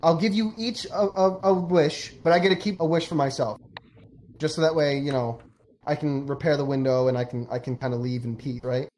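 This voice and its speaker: A man voicing a grateful male genie who has just been freed from his lamp, speaking in an eager, high-pitched way. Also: steady tone, a little fast, a little mellow, slight background noise, close to an everyday voice. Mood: bargaining.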